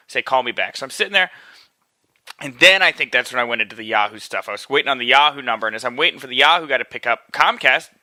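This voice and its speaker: A man's voice: mid-range voice, dry recording. A young man hosting his own show alone from his apartment, ranting profanely about a phone call and acting out the people on the line. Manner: profane, animated, acts out phone calls in quoted voices. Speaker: podcast host. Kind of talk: casual ranting monologue.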